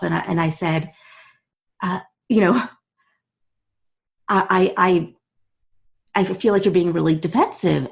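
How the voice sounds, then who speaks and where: A woman guest on a podcast interview, telling a personal story with quick bursts, restarts and laughs. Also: mid-range voice. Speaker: guest, author and CEO.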